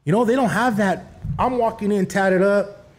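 High-voiced animated man with LA slang. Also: normal speed. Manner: animated, profane street slang, acts out voices. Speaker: podcast guest, behavioral interventionist. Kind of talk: casual podcast chat.

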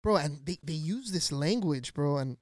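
A man on a podcast, one of its co-hosts, spins a story in casual chat, loaded with slang and profanity and acting out everyone he quotes. He speaks at a normal speed in a voice on the high side, captured in studio quality without room sound.

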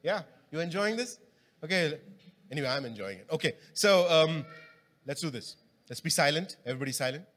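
This man's fairly high, expressive voice moves briskly and sounds a bit bright as he preaches a sermon. In the church hall, with its long reverb, he chats with the congregation and quizzes them.

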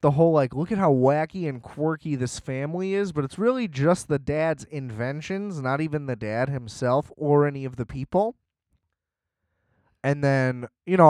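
A man's voice: medium pitch, dry recording, studio quality. A young man hosting a casual film review, rambling, sarcastic and profane. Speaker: podcast host reviewing a film. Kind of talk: casual chat.

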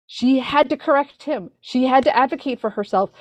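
A woman sharing personal feelings at a recovery meeting, earnest and halting as she searches for words. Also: high-pitched, dry recording. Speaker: recovery group speaker.

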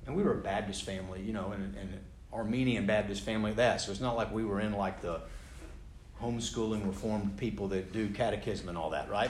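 Animated American man telling a sermon story. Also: fairly low pitch. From United States. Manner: animated, self-deprecating humor. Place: room with a live audience. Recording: roomy hall sound, faint background noise.

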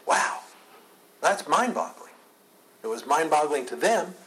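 A pastor leading a Bible study, talking earnestly, asking rhetorical questions and repeating key phrases. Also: male voice, fairly high pitch, very animated, a little slow, fairly bright tone, poor audio.

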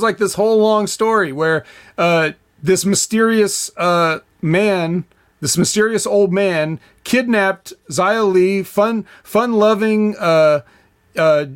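Man, slightly high voice, podcast co-host, hesitant, deadpan. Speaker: podcast co-host, former wrestler. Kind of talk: casual wrestling review chat.

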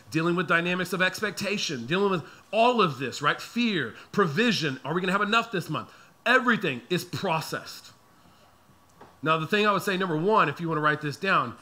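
Lively, bright-voiced male pastor preaching. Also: fairly high pitch. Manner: animated, acts out voices of his kids and himself. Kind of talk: storytelling sermon.

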